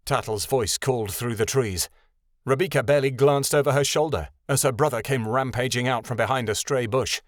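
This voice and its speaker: A man narrating a fantasy audiobook in an expressive reading style. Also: medium pitch, fairly quick, no echo, studio quality.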